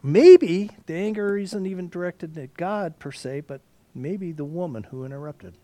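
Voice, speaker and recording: A man preaching a sermon, dropping to whispers and rising to near shouts as he acts out the story. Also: fairly high pitch, lively intonation, moderate pace. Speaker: pastor.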